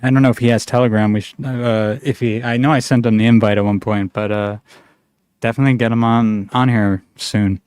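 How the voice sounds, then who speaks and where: A man hosts a casual podcast in an easygoing way, with plenty of fillers and frequent laughs. His voice is smooth and clear. The recording is close and dry. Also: medium pitch, fairly even intonation, a little fast, darkish tone, no room sound. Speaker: podcast host.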